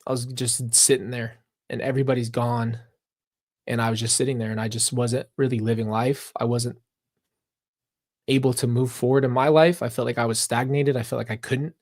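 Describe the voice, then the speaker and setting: An earnest man talks straight to his viewers during a live reaction stream, drifting into long reflective tangents. His voice sits at an ordinary male pitch and is recorded dry and close, with no room echo. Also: level tone, moderate pace, darkish tone. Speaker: reaction channel host.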